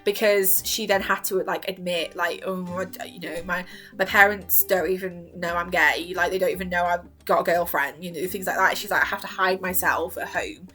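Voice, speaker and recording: A young woman rambling excitedly as a vlogger, gushing and emotional, dropping into a soft voice to quote characters and breaking into squeals. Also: on the low side, moderate pace. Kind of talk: excited fan rambling about a TV series.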